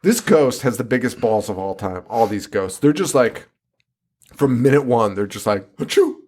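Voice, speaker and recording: A man's voice: medium pitch, moderate pace, darkish tone. A man hosting a podcast, chatting casually about a movie, swearing a lot, laughing often and acting out scenes in silly voices. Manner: profane, laughing, acts out characters in silly voices. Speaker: podcast host. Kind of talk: casual movie-review chat.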